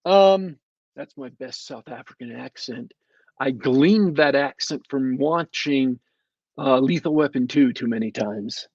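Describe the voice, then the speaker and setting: A man's voice: mid-range voice, a little slow, husky, no room sound, muffled recording. A man co-hosting a podcast, reviewing shows with sardonic, rambling commentary and many ums and uhs. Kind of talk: casual podcast chat.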